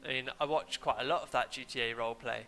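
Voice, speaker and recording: This English streamer is a young man giving casual game commentary, meandering and droning, self-deprecating, and sniffling from hay fever. He talks fast at a medium pitch with fairly even intonation, vocal fry and a sharp tone. His desk mic adds a little hiss or hum and is muted now and again.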